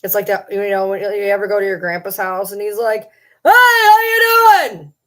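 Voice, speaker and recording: A woman's voice: medium pitch, flat delivery, fast. Young woman, casual stream chat, rambling, self-deprecating jokes, at home. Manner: rambling, joking about herself.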